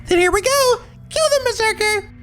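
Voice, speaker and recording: Man doing a high, sing-song little girl. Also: normal speed, a bit bright, soft background music. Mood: gleeful. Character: sweet, eerie little girl mage, cheerfully cruel. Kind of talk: reading game dialogue aloud.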